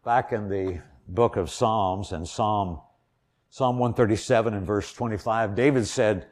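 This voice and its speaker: An older man from Indiana preaching an earnest sermon, telling a personal story and swelling louder on key points. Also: on the low side, unhurried.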